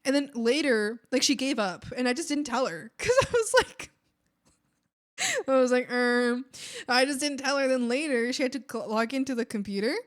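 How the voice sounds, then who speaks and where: A woman's voice: high voice, brisk. A woman streamer with a lisp, chatting casually and telling rambling stories with laughs while she draws. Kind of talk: casual chat while drawing.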